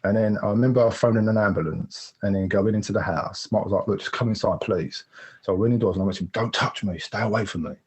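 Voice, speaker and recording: A man's voice: on the low side, quick pace, darkish tone, breathy edge. A man candidly telling a personal story as a podcast guest, rambling and acting out the voices of the people he quotes.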